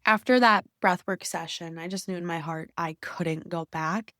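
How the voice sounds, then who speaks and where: A young adult woman hosting a podcast, telling a deeply personal story in an intimate, emotional way that sometimes drops to a whisper. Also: moderate pace, sharp tone, no echo, clean studio sound. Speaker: podcast host.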